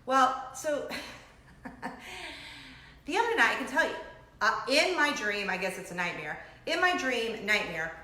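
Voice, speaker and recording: A middle-aged woman hosting her weekly chat show, telling stories in an animated, giggly way, recorded in an echoey room. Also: a little high, unhurried, long pauses. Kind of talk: casual chat to camera.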